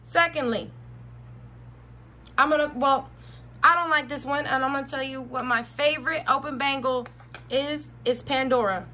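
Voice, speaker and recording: A woman with a hoarse, nearly gone voice, chatting bluntly through a casual jewelry review. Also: high voice. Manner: chatty, blunt, animated complaining. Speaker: jewelry vlogger.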